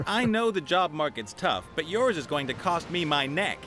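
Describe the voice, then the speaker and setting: A man's voice: on the high side, sing-song, moderate pace, sharp tone, soft background music. An actor playing a cocky male sky captain and treasure hunter in a video game, joking and laughing.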